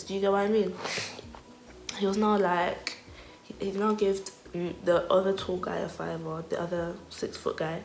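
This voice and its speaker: A young woman telling a storytime vlog in animated, slangy style, laughing often. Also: on the low side, brisk, gravelly, roomy sound, a little hiss or hum. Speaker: vlogger.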